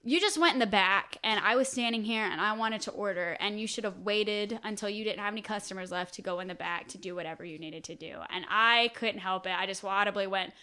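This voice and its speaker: Bright, clear-voiced young woman, blunt storyteller. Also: medium pitch, fairly quick, few pauses. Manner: animated storyteller, blunt and profane. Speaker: podcast co-host. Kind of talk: casual chat.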